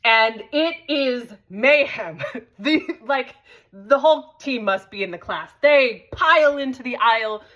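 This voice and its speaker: Bright-voiced woman hosting a casual vlog. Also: fairly high pitch, animated, measured pace, muffled recording. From United States. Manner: conversational storytelling with frequent swearing. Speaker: host.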